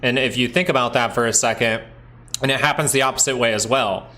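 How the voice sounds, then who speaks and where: A man in the middle of his voice range hosts a live stock market stream, talking through charts in a casual, excitable way. He keeps asking questions and answering them himself. His tone is bright and forceful, close to a desk mic. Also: medium pitch, quick pace. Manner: excitable, thinks aloud, asks himself questions. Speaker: stock market livestream host.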